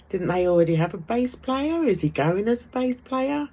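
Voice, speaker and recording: A woman's voice: a little high, lively intonation, normal speed, hardly any pauses, warm tone, husky. A middle-aged woman vlogging from her home art room, chatting casually to camera, laughing often and trailing off with ums. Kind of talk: casual gossipy chat to camera.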